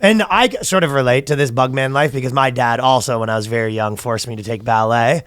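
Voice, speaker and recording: A man's voice: medium pitch, quick pace, fairly bright tone, no room sound, studio quality. A young adult man co-hosting a casual comedy podcast, joking, laughing often and mimicking voices. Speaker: podcast co-host.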